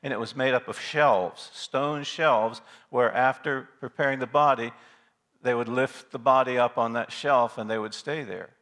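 A man's voice: mid-range voice, normal speed, a bit bright. A male pastor preaching a sermon in an emphatic way, stopping to ask his listeners rhetorical questions.

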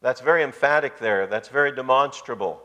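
A male preacher delivers a sermon with emphatic, insistent phrasing. He talks straight to his listeners at a middle pitch. His voice rings out with a long reverb tail, as in a large hall. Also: brisk, sharp tone. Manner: emphatic, addresses the congregation directly.

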